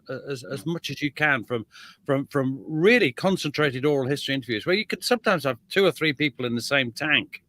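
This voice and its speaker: A man with a Northern English accent talks as a podcast guest, his pitch jumping around animatedly. His tone is bright and the sound is close and dry. He speaks in a wry, self-deprecating way. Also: no room sound. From Northern England. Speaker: guest author and oral historian. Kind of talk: casual podcast chat.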